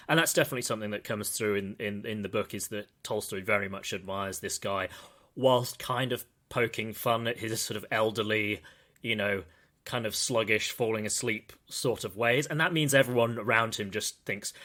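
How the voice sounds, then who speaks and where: A man's voice: lowish voice, moderate pace, a bit bright. A man hosting a podcast, discussing a film in casual, digressive chat and calling himself a pedant. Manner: thoughtful, digressive, self-described pedant. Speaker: podcast host.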